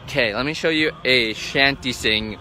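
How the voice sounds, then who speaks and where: Speaking at normal speed in a medium-pitched voice, a male travel vlogger goes live on his phone from an outdoor spot among boats. His answers to viewers wander casually and lean heavily on "um" and "like," and the surroundings are loud.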